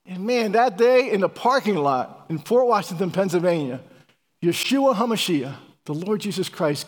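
A middle-aged man preaching a sermon and telling his own testimony in a fervent, repetitive, emphatic way. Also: high-pitched. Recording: reverberant hall.

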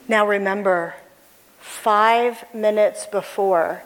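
A middle-aged woman telling a personal story to a church audience, animated, acting out the voices she quotes and laughing often. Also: on the high side, takes it slowly. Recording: long reverb of a hall.

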